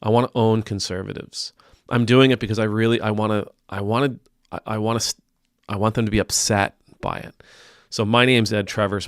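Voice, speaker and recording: A man's voice: fairly low pitch, fairly even intonation, fairly quick, no room sound, clean studio sound. A man, a priest, giving casual spoken commentary in a wry, teasing, conversational way.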